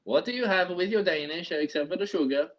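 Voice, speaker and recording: A man's voice: sits high, brisk, dull audio. A man casually chatting on a call, rambling and swearing a lot while teasing his co-host. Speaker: podcast co-host. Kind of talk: casual chat. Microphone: headphones.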